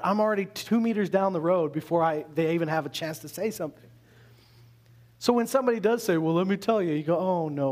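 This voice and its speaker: High-voiced man preaching a lively sermon. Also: quick pace. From Canada. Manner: conversational, animated preaching with rhetorical questions. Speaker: pastor.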